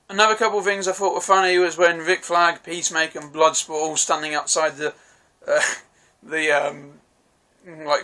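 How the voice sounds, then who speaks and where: A man's voice: on the high side, sharp tone. A man giving a casual, rambling film review, swearing freely and restarting his sentences.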